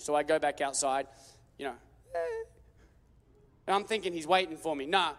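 A man preaching a sermon, telling a story with lively jokes and acted-out voices. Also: fairly high pitch, normal speed, long pauses. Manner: animated, joking storytelling with acted-out quotes. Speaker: pastor. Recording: long hall reverb.

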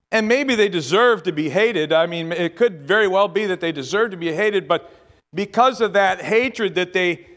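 A man's voice: high voice, fairly bright tone, long reverb tail. A male preacher delivering a sermon in a conversational way, repeating words and asking rhetorical questions.

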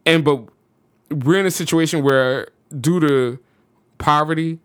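A man from the United States appears as a podcast guest, telling a personal story casually and with animation, often using fillers like "you know what I'm saying". His voice is a little high, slow and clean, recorded in a clean studio with no echo.

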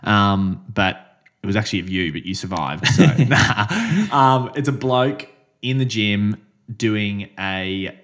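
A man's voice: lowish voice, slow pace, fairly bright tone. A young man co-hosting a podcast in casual chat, joking, swearing freely and laughing often. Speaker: podcast co-host.

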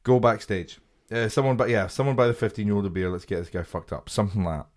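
A man's voice: fairly low pitch, quick pace. A man, a comedian and podcast co-host, telling a story in casual chat, swearing heavily and acting out what people said. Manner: animated, swears heavily, acts out quotes.

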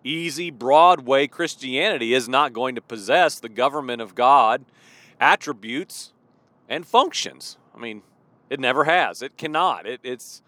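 A man's voice: mid-range voice, unhurried, pushed and bright, no echo. A man preaching an informal devotional sermon, emphatic and repetitive, with casual fillers between his points. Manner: emphatic, repeats key phrases, casual fillers.

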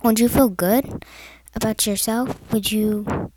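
A woman's voice: a little high, fairly even intonation, slow, darkish tone, no room sound, rough recording. A woman giving earnest, rambling advice to the camera, often dropping to a whisper.

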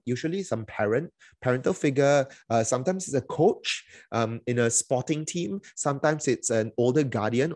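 Pastor preaching conversationally. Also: male voice, medium pitch, darkish tone, no room sound, studio quality. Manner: conversational, many fillers and restarts, acts out quoted voices. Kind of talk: sermon.

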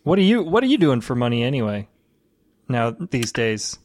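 A man's voice: medium pitch, very animated, moderate pace, darkish tone, natural voice. A man voicing a wounded male police officer who talks bluntly and curses offhandedly. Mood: casual. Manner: cursing, offhand, rambling.

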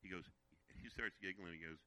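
A man's voice: sits low, quick pace, bright, forceful tone, low-quality recording. Man giving an emotional teaching talk. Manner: emotional storytelling, repeats words when moved. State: tearful. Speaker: guest speaker.

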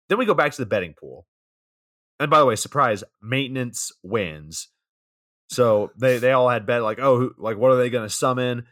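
A man's voice: fairly low pitch, a bit bright, no room sound. A man co-hosting a podcast, casually retelling a horror movie's scenes with dry jokes. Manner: laid-back, dry joking, retelling scenes. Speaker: podcast co-host. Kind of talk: casual movie recap chat.

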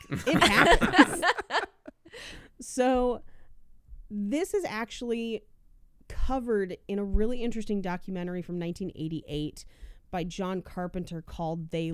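A woman podcast host walks through research at a relaxed, chatty clip, cracking jokes along the way. Her voice sits in a middle pitch, recorded dry and close. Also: clear, resonant tone, no room sound. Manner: explanatory, joking, laughs often. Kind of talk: casual podcast chat.

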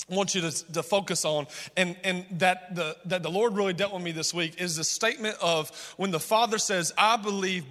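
A man's voice: high-pitched, pushed and bright. A male pastor preaching a sermon, calling on the congregation to respond. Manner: preaching with call-and-response, impassioned. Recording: long hall reverb.

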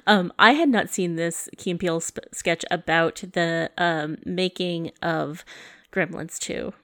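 A woman's voice: lowish voice, unhurried, fairly bright tone, no room sound, clean studio sound. A woman co-hosting a casual podcast chat, rambling with many hesitations and playful teasing. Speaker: podcast co-host.

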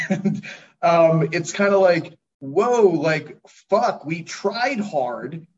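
A man's voice: on the high side, lively intonation, very slow, background noise. A man hosting a podcast, musing in a rambling, reflective way and swearing casually. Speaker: podcast host. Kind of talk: casual interview chat. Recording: dull lo-fi recording.

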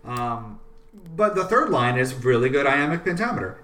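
A man's voice: mid-range voice, big pitch swings, moderate pace, a bit bright. Man musing aloud in an echoey room. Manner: thinks aloud, chants rhythms as da-da. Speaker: poet discussing his draft. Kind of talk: casual conversation. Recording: echoey room, mic at a distance, faint ambient noise.

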